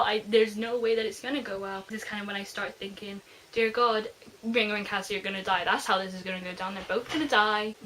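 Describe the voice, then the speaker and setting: A woman's voice: a little high, a bit bright, slight background noise, poor audio. A young woman gushing emotionally through a casual book review on her vlog. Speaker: book vlogger.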